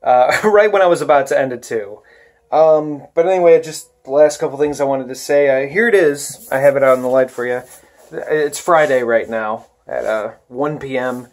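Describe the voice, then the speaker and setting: A man's voice: mid-range voice, moderate pace, no echo. A tired, worn-out young man vlogging casually into his phone camera, rambling with lots of fillers and restarts. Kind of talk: casual vlog talk.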